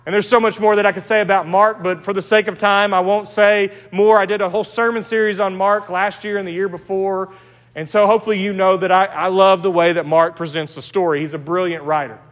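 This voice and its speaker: A male pastor with an East Texas accent gives his sermon in a church sanctuary. His voice sits high, and he shifts into personal stories in an easy, conversational way. Long reverb from the hall trails behind each phrase. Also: steady tone, brisk, a bit bright. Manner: conversational, anecdotal preaching with restarts.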